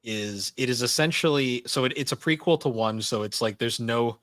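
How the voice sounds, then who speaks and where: A man's voice: medium pitch, moderate pace, no room sound. Man hosting a podcast, dry close sound. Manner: steady, reviewing games point by point. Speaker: podcast host. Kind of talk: casual podcast chat.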